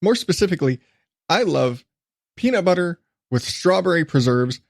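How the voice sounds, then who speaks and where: Hyper high-voiced male podcast host. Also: sing-song, moderate pace, creaky, no echo, studio quality. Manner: hyper, laughing, rambling with restarts. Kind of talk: casual solo podcast rambling.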